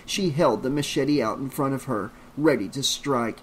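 A man's voice: medium pitch, normal speed, a little hiss or hum, low-quality recording. Man narrating a horror audiobook.

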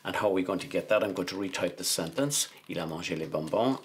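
Male tutor, very low voice, patient step-by-step explainer with "uh" fillers. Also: animated, fast talker, slight background noise. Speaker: French teacher. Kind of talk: screen-share tutorial.

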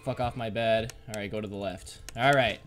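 A man's voice: on the low side, fairly even intonation, brisk, a bit bright, soft background music. A man doing let's-play commentary, frantic and swearing as he barks orders at the game. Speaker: gamer.

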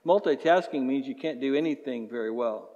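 A man's voice: medium pitch, fairly quick, mellow, dull audio. A man preaching as a pastor in a conversational way, then leading a closing prayer. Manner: conversational, acts out everyday voices. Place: church hall. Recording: reverberant church hall.

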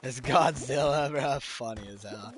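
A young man live-streaming games, bantering in slang and yelling at the gameplay. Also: medium pitch, measured pace, a little hiss or hum. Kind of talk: live gaming stream chat.

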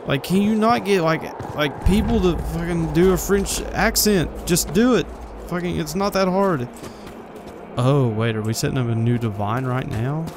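A man's voice: fairly high pitch, normal speed, background noise. A man streaming a video game who rambles, swears freely and talks to himself. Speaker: gaming streamer. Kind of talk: let's play commentary. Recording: voice over loud game music.

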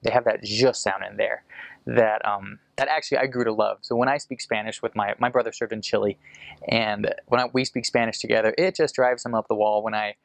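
An American man explaining casually, rambling with fillers and restarts, and slowing down to demonstrate sounds. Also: on the low side, fairly even intonation, creaky, dry recording. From United States. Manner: demonstrates sounds slowly and carefully. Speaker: returned missionary explaining an accent.

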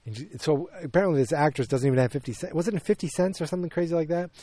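Recorded with no room sound, a man with a fairly high, warm voice races through a casual movie review on his podcast. He rambles, corrects himself and airs plenty of opinions.

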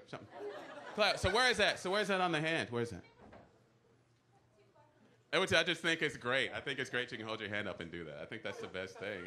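A man's voice: on the high side, pushed and bright. A man performing stand-up comedy on a club stage, talking casually and teasing the crowd with rhetorical questions. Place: comedy club stage before a live audience. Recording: noisy live club recording. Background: audience laughter.

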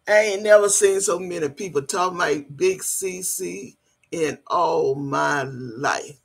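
An older woman chatting on a casual livestream, with a gravelly, rough edge to her voice. She talks bluntly and feistily and reads out her viewers' greetings by name. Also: lowish voice, takes it slowly, long pauses. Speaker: livestream host.

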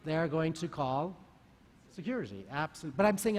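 A man giving a talk to a live audience, asking the listeners lively questions. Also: fairly high pitch, brisk. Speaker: conference speaker. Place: large conference hall. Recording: long hall reverb.

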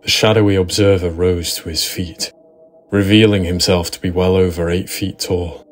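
A man narrating a first-person horror story in a steady, dramatic storytelling manner. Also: sits low, normal speed, faint music behind. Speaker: narrator and writer.

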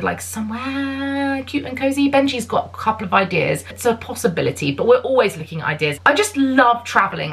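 A woman's voice: mid-range voice, a bit bright. A woman in her thirties from the UK, chatting casually to camera in a bubbly, filler-filled way. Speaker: vlogger.

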